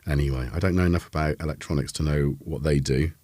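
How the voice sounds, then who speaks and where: A man's voice: extremely low pitch, fairly even intonation, fast talker, warm tone, no echo. A man hosting a casual live synth demo, rambling with lots of fillers and self-corrections. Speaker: host of a synth livestream.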